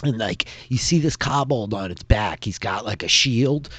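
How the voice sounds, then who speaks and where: A man runs a tabletop game, describing the scenes casually with lots of filler words. His voice is low and a little husky, and the recording is dry and close. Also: lively intonation, moderate pace, fairly bright tone, dry recording. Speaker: game master.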